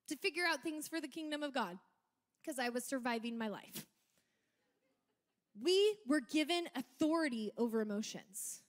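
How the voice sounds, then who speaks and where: A young adult woman preaching a sermon in an animated, lively storytelling manner, at times shouting punchlines. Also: very high voice.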